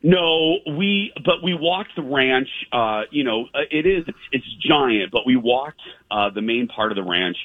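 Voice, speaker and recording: A man's voice: mid-range voice, expressive, measured pace, no echo. Rambling male host on a tinny line. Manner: rambling, with many fillers and restarts. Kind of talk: casual storytelling chat. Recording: dry tinny phone-like line.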